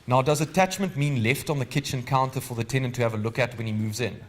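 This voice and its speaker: A man with a South African accent teaches a live legal training seminar. He keeps an easy, conversational tone at an ordinary mid-range pitch. He often stops to put questions to the audience. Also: quick pace.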